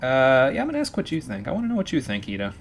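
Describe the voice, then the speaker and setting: A man's voice: mid-range voice, wildly swooping pitch, very fast, slight background noise. A man commentating a live game stream, chatty and jokey. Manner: chatty, jokey, frequent laughs.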